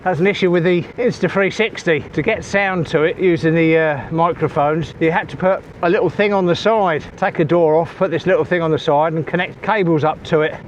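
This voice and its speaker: A cycling vlogger with a higher-pitched voice talks casually to viewers as he rides outdoors, briskly and with hardly any pauses, a bit out of breath. He's on a small wireless clip-on mic, the highs are cut off, and faint outdoor noise runs underneath.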